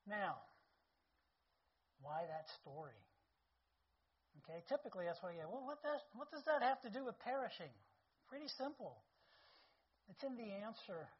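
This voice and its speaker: A woman's voice: medium pitch, big pitch swings, normal speed, pauses often, breathy edge. A woman preaching a conversational sermon who keeps checking in with her listeners, heard on a dull lo-fi recording.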